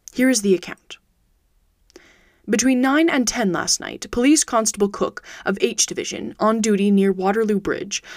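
A woman reading a classic detective story aloud as host of her audiobook podcast, steady and even. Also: medium pitch, no room sound, clean studio sound. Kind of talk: audiobook narration.

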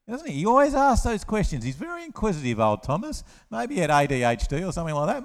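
A man preaching a lively children's-talk sermon, telling the story with playful asides and acted-out voices. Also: fairly high pitch, fast talker. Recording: long hall reverb.

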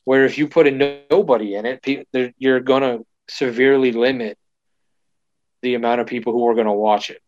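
A man's voice: mid-range voice, steady tone, brisk, a little mellow, dry recording. A man co-hosting a casual chat, rambling with lots of fillers and restarts. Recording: dull lo-fi dry sound.

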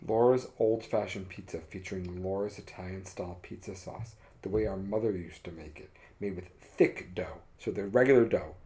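A man's voice: deep voice, moderate pace, few pauses. A man co-hosting a casual podcast, wryly reading menu descriptions aloud and teasing his co-host. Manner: wry, reads menu items aloud in a lively tone.

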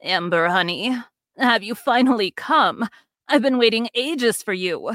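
A woman voicing a frail, wary elderly woman in a read-aloud story, lower and slower than her own voice. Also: animated, fairly bright tone, no room sound, clean studio sound. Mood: calling out.

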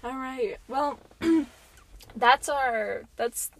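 A woman's voice: high-pitched, extremely slow, low-quality recording. A young woman co-hosting a podcast, giggly and interjecting in casual chat. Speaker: podcast co-host.

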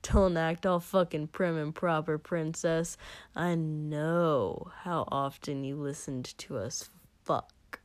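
A woman voicing a brash, crude young man who teases and taunts in a low drawl. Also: steady tone, slow, no room sound. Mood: taunting.

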